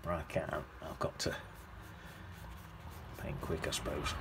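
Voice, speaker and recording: Chatty low-voiced man. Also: flat delivery, slow, vocal fry, pauses often, noisy background. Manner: chatty, rambling, hums to himself while painting. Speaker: watercolour painting teacher. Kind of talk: casual painting demonstration.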